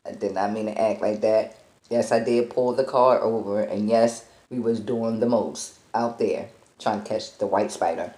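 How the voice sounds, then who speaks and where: A woman vlogger chatting and telling a story while eating on camera, animated, with squealing exclamations and laughs. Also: very deep voice, moderate pace. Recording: echoey room with faint music.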